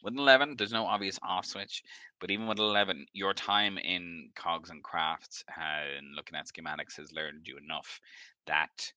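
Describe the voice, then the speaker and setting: Man GM, deep and bright, loose rambling narration, dry mic. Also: steady tone, normal speed, no room sound. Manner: rambling, filler-heavy description. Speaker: game master. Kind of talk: narrating a tabletop game.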